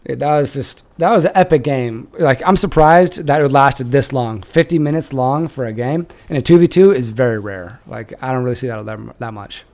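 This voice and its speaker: A young man shoutcasting a strategy game he played in, casual and animated, swearing and laughing. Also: mid-range voice, normal speed, hardly any pauses.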